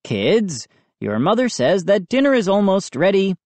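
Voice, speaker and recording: A woman's voice: mid-range voice, very animated, measured pace, darkish tone, no echo, voice pushed up. A woman voicing an easygoing father who cracks jokes in a storybook. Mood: joking. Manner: wisecracking. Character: joking, easygoing family dad.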